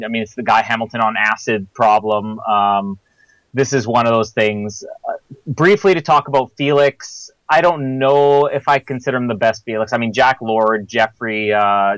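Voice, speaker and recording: A man talks casually as a podcast co-host, mid-pitched and recorded close in a dry space. He is jokey and rambling, and he slips into put-on voices to mimic film lines. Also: a bit bright, no room sound, poor audio.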